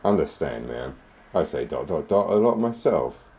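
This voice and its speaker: A stiff, mock-formal young debt collector with a low, dark voice, as a man reads his lines. The delivery is flat and dry, sometimes blunt, with a lively rise and fall. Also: moderate pace, full character voice.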